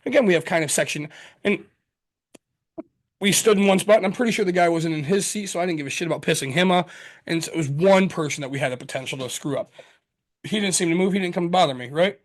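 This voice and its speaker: Man, high voice, podcast co-host, blunt and swearing, storytelling. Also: fast talker. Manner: heated, swearing, tells stories with acted quotes. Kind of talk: casual chat.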